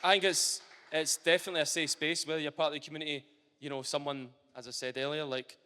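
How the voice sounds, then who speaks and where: Animated Scottish man in reverberant hall. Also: on the high side, fast, clean tone. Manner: animated and chatty, with frequent restarts. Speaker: interviewee, retired footballer and ambassador. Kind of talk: casual interview. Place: large hall at a live event.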